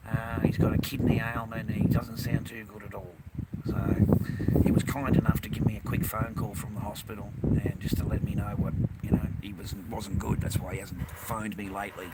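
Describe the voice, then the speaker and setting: A man's voice: lowish voice, little pitch movement, normal speed. A man chatting casually on a live stream, blunt and rambling, swearing constantly. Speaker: livestreamer. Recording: noisy background hiss.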